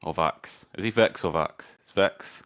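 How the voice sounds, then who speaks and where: A man's voice: low-pitched, a little slow, fairly bright tone, smooth, no room sound, studio quality. A man running a tabletop game as dungeon master, chatting casually, swearing freely and joking about character voices.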